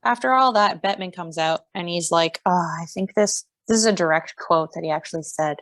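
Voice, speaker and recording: A woman's voice: on the low side, fairly quick. A young woman co-hosting a podcast in casual chat, blunt, indignant and sarcastic. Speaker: podcast co-host.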